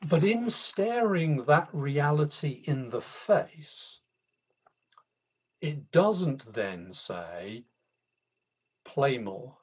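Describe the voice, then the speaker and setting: A man's voice: fairly high pitch, big pitch swings, a little mellow, husky. A man preaching a sermon in a conversational way, with frequent restarts. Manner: conversational, halting with repeated restarts. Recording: slightly dull lo-fi sound.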